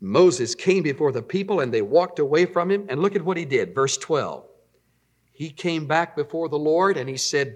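A middle-aged man preaching a sermon in an animated, storytelling way. His pitch sits a touch high and swings widely. He talks to the congregation like he's chatting with them. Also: normal speed, slightly rough. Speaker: pastor.

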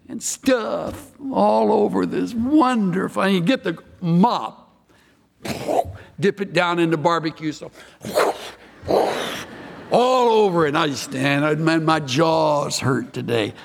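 Older male preacher, slightly high-pitched voice, unhurried delivery, emphatic sermon with sudden hushed asides. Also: creaky, slight background noise. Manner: emphatic, swings from loud exclamations to hushed near-whispers; storytelling, drawn-out words. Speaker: pastor. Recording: long reverb of a large hall.

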